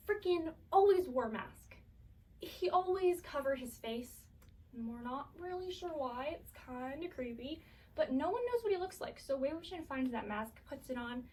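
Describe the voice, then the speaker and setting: A woman's voice: high-pitched, far from the mic, rough recording. A woman recapping a drama series in a chaotic, profane, casual way, full of fillers.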